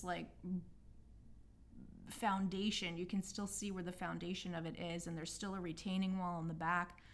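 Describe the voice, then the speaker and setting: A woman sharing a personal story in a candid, reflective monologue, speaking loosely with many fillers and openly apologizing for past mistakes. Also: on the low side. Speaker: healing arts practitioner hosting a personal podcast.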